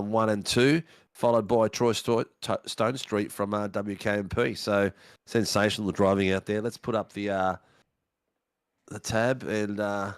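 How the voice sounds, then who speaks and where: A man's voice: on the low side, clean tone, no echo, clean studio sound. A man as a casual co-commentator, chatty and loose, calling his partner mate and filling gaps with ums. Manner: relaxed and chatty, says mate, many ums and uhs.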